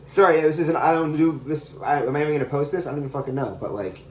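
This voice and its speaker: A man's voice: a little high, fast talker. Brief: man in his thirties, casual rambling film rant recorded on a phone in his kitchen, heavy swearing, faint noise behind. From United States. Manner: swears a lot, rambling and exasperated. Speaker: vlogger reviewing a film. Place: home kitchen, cooking.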